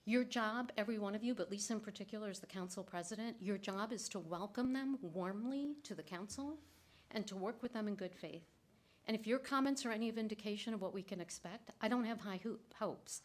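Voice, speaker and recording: A woman of ordinary pitch speaks during public comment at a council meeting. She is angry and forceful, aiming pointed remarks straight at the members. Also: fairly quick.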